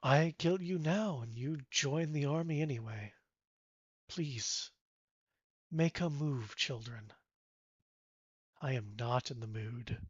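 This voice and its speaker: A man voicing a wrathful undead male knight who speaks low, quiet and threatening. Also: steady tone, slow, no echo, muffled recording. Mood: cold menace.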